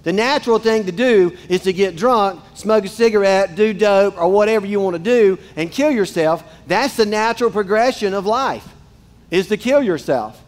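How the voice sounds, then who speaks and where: A man's voice: high voice, expressive, normal speed. A man, preaching a casual, joking sermon straight to his congregation in a church. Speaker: pastor. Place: church sanctuary.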